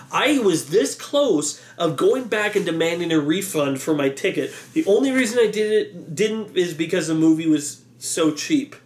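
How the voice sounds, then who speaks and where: A man's voice: on the high side, lively intonation, moderate pace, hardly any pauses. Exasperated man telling a story, echoey room. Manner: exasperated, acts out crowd yelling. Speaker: vlogger. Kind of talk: animated storytelling rant.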